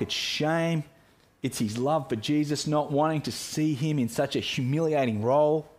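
A man's voice: a little high, normal speed, darkish tone. A man preaching a sermon as pastor, earnest and reflective, often restarting his phrases.

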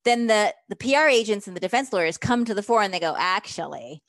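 A woman relationship coach, speaking as an interview guest, lively and emphatic, acting out quoted lines as she explains her method. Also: fairly high pitch, quick pace, no echo, clean studio sound.

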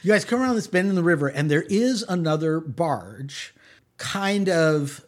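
Man, game master, tabletop game narration, high voice, casual and halting. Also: animated.

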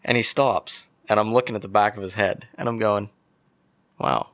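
A young man from Pennsylvania, a podcast guest telling an animated story and acting out what people said. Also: on the low side, a little fast, dry recording, studio quality. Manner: animated storyteller, acts out quotes. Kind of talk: casual storytelling.

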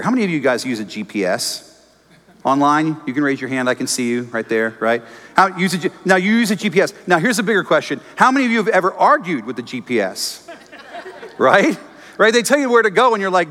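A pastor preaching a sermon, animated and storytelling, acting out his own prayers and arguments with the crowd. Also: a little high, fairly quick, big-room sound. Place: church auditorium.

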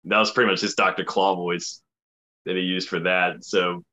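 A man's voice: sits low, flat delivery, normal speed, pushed and bright, highs cut off. A man, an animator who voices his own cartoon characters, chatting casually and laughing often. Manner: laughs often, loose rambling delivery. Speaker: animator and voice actor. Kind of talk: casual chat.

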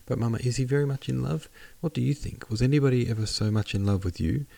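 A man reading the lines of a lively teenage girl in an audiobook, with eager, teasing questions. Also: deep voice, normal speed, creaky, slightly rough, no echo, exaggerated voice.

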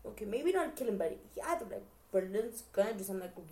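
A woman talking casually as a podcast host, chatty and expressive, often addressing her listeners directly. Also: mid-range voice, fast, hardly any pauses. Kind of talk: casual show recap chat.

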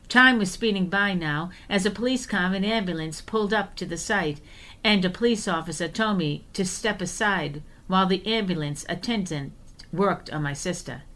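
A woman co-hosting a podcast, telling a personal story earnestly and vividly, often slowing down for emphasis. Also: mid-range voice, fairly bright tone. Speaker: podcast co-host.

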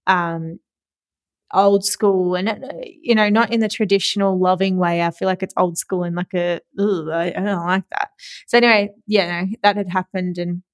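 A young Australian woman hosting a podcast, telling a story in a chatty, excitable way with frequent laughs and casual swearing. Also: mid-range voice, dry recording. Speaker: podcast host.

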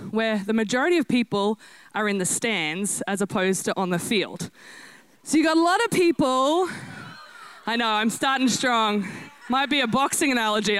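A woman preaching a lively, self-deprecating sermon to a church congregation. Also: on the high side, smooth, no echo. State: out of breath. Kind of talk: energetic sermon.

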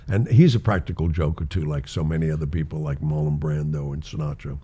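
In a brisk bass voice with a breathy edge, an older man relates show-business tales casually. He brings the quoted voices to life and laughs frequently.

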